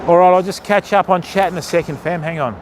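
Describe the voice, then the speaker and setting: A man's voice: sits high, fairly even intonation, fast talker, background noise. An Australian man live-streaming his fishing on a phone, chatting in a matey, easygoing way and greeting viewers by name. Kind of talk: casual live-stream chat.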